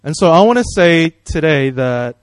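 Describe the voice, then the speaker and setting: A man's voice: on the high side, expressive, normal speed, clean tone, no echo. A man preaching a sermon in a friendly, conversational way, praying and asking the congregation questions. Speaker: pastor.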